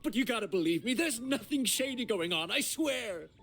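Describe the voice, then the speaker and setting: A man's voice: extremely high pitch, animated, normal speed, a bit bright, faint music behind. An actor voicing a jittery young man in a video game, nervous and stammering as he defends himself. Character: jittery young man caught in a shady deal.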